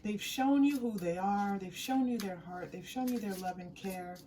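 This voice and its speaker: A woman's voice: medium pitch, moderate pace, a little hiss or hum. A woman giving a tarot reading to her viewers, chatty and giggly, repeating phrases as she thinks aloud. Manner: giggly and warm, often breaking into laughter. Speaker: tarot reader.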